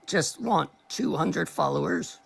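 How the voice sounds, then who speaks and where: A woman's voice: deep voice, expressive, slow, creaky, slightly rough. A woman calling in to a live stream, arguing politics and talking over the host while she is losing her voice. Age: older than 30. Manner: argumentative, talks over the host. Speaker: caller. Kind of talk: heated political argument.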